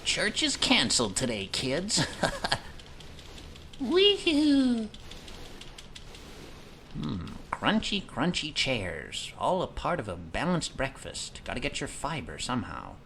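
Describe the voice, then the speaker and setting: A man's voice: mid-range voice, wildly swooping pitch, a little slow, creaky, hardly any pauses, sharp tone, slight background noise. A man in his thirties giving profane, joking commentary while playing a video game. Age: 30s. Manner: profane, jokey, rambling asides. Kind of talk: comedic let's-play commentary.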